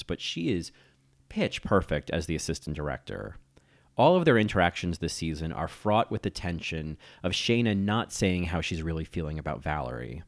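Deep-voiced man narrating a TV essay. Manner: analytical, admiring. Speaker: TV critic and essayist. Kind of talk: scripted video-essay narration.

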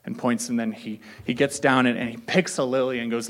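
A man preaching a sermon in a relaxed, conversational way, cracking jokes and acting out quoted voices. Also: mid-range voice, fast. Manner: joking, self-deprecating asides. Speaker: pastor.

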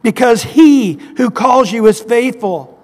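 Male preacher with a high voice, animated sermon delivery, recorded in an echoey hall. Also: slow. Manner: animated storytelling with scripture citations.

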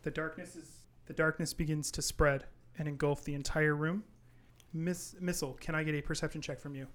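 Calm man narrating as game master. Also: on the high side, a little fast, a little hiss or hum.

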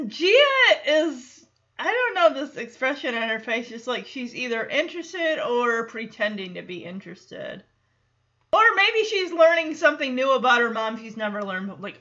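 A woman's voice: fairly high pitch, animated, unhurried, sharp tone, dull audio. A woman hosting a podcast, recapping an episode in casual chat and quoting characters in little voices. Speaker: podcast host.

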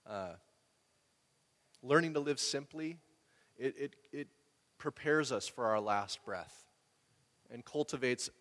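A man's voice: mid-range voice, slow, long pauses. Guy preaching, chatty storytelling, echoey church hall. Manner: conversational storytelling, animated when quoting others. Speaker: pastor. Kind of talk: sermon.

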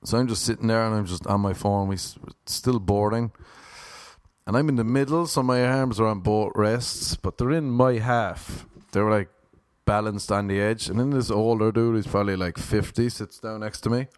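A man's voice: on the low side, moderate pace, dry recording, studio quality. Ranting man telling a story. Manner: ranting, profane, animated. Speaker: vlogger. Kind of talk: casual storytelling to viewers.

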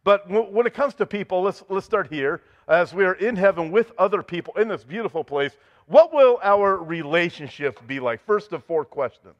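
A man's voice: high voice, lively intonation, normal speed, few pauses. A man preaching a sermon as pastor, joking with the congregation and reading scripture aloud with rising intensity. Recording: dull sound with long hall reverb.

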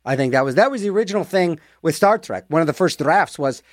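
A man's voice: on the high side, lively intonation, quick pace, dry recording, clean studio sound. Rambling jokey radio DJ man. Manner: rambling, jokey, talks to himself. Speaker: radio host. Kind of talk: casual radio DJ patter.

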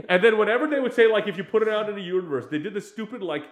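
Man, slightly high voice, casual chat, animated storytelling, mocking, laughing. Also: very fast, hardly any pauses, roomy sound.

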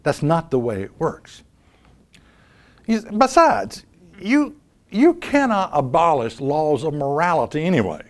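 Male preacher, sermon, emphatic, rhetorical questions, animated pitch. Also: a little slow. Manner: emphatic, rhetorical questions, repeats key phrases.

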